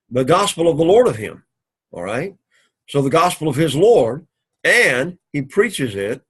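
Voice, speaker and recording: A man of middle pitch gives a recorded class, working through each point methodically. His voice has a slightly husky edge. He repeats and rephrases as he goes and now and then stops to clear his throat. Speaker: Greek teacher.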